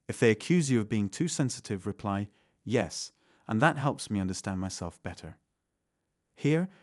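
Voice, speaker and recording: Male narrator, low register, measured instructive read, dead-dry booth sound. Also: darkish tone, no room sound. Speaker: channel narrator. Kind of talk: scripted self-help narration.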